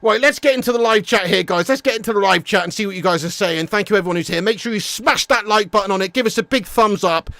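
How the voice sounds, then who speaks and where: A man hosting a live watch-along stream, ranting loudly and bluntly with lots of swearing and chatting with viewers. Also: high-pitched, fast, few pauses, no room sound. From England. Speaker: livestream watch-along host.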